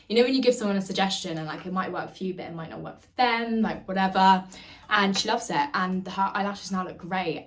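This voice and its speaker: A young woman chatting casually in a beauty vlog from her bed, giggly and full of "like". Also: medium pitch. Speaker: beauty vlogger. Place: bedroom, in bed.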